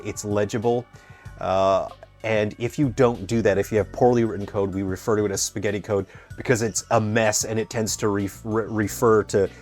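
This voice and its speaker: Man, very low voice, chatty game-dev commentator, digressive, self-correcting, faint game music behind. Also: a little mellow. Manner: rambling, digressive, explains terms at length; frequent restarts and self-corrections. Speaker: game developer playing and commenting. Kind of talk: casual gameplay commentary.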